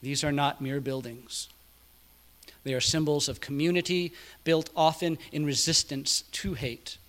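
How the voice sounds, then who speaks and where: A man preaching a sermon, quoting others quietly and building to loud, emphatic peaks. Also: a little high, steady tone, unhurried. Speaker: pastor.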